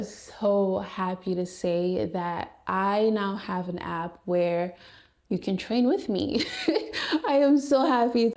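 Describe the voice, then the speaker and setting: A woman's voice: medium pitch, warm tone. A young woman fitness vlogger giving a heartfelt, encouraging talk to her viewers, repeating phrases for emphasis. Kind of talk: heartfelt motivational talk to camera.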